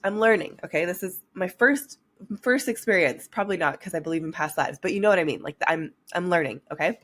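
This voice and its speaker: A woman's voice: on the low side, fairly quick, fairly bright tone. A young woman hosting a solo podcast, talking frankly and with energy, swearing casually and addressing her listeners directly. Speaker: podcast host. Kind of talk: candid solo podcast talk.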